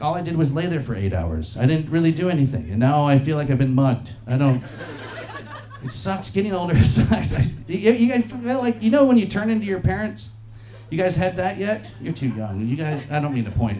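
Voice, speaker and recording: A man in his forties works a club crowd with a profane, animated stand-up set. His voice sits high for a man and leaps all over as he acts out the people in his stories. The live audience laughs loudly around him. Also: a little fast. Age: 40s. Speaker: stand-up comedian. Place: comedy club stage.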